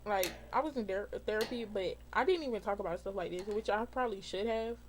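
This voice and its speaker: A woman's voice: mid-range voice, fast talker, a little hiss or hum. A woman co-hosting a podcast in casual chat, blunt and joking. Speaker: podcast co-host.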